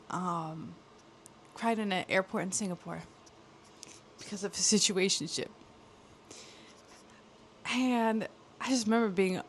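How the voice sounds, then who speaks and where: A woman's voice: mid-range voice, measured pace, long pauses, slight background noise. A young woman vlogging in a casual, candid way, rambling with lots of fillers as she talks to the camera. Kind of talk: casual confessional vlog.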